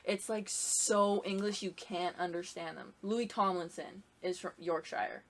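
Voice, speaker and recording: A woman's voice: medium pitch, fairly even intonation, unhurried, crowd noise. A young woman hosting a casual podcast with friends, talking in a chatty way that leans on "like". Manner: chatty, leans on "like", laughs often. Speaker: podcast host. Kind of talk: casual chat among friends.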